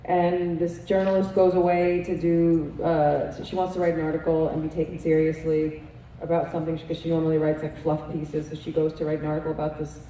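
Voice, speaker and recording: A woman's voice: low-pitched, flat delivery, brisk, mellow. A woman with a New York accent, a guest at a convention panel, talking casually and swearing and laughing as she rambles. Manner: chatty, swears, laughs often, rambling restarts. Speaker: interview guest, actress. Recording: roomy, distant mic, faint hiss.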